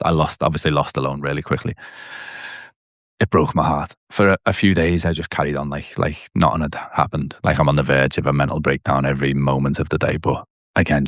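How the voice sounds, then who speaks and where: A man's voice: rumbling low, creaky, no echo, clean studio sound. A man as a podcast guest, telling his personal recovery story candidly and bluntly, swearing at times.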